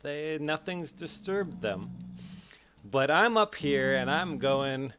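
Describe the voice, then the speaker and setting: A man explaining psychology in a casual, animated way over gameplay, acting out his own thoughts in quick bursts. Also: a little high, clear, resonant tone. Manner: animated, acts out his own inner voices. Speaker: educational YouTuber.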